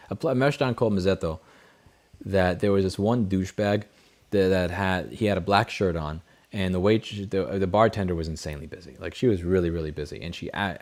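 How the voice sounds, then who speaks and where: Sitting at a home desk setup late at night, a male livestream host speaks directly into a studio headset mic in a slightly low voice. He chats casually and reads out viewer messages, rambling bluntly and swearing freely as he tells his stories.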